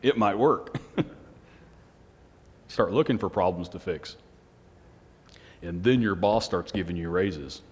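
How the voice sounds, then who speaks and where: A man's voice: low voice, takes it slowly, pauses often, a little mellow, slightly rough. A man preaching a casual sermon to a small group, conversational, asking the room questions and chuckling. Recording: long hall reverb.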